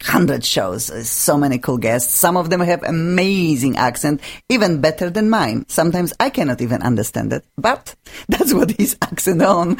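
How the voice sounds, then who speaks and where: A woman's voice: very deep voice, creaky, a little mellow, breathy edge. A woman with a Polish accent hosting a radio talk show from a studio, chatty and effusive in broken English. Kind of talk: casual radio chat. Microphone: studio microphone.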